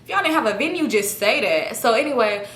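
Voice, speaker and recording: A woman's voice: fairly high pitch, a little fast. A young woman telling a story from her own life in a casual, slangy way, acting out what people said. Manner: animated, slangy, acts out quoted people. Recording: echoey room.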